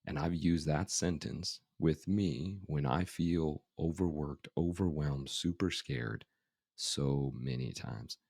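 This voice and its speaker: A man's voice: rumbling low, creaky, darkish tone, slightly rough, no room sound, clean studio sound. A middle-aged man, a life coach guest on a podcast, telling a story casually and often saying "you know" and "right?".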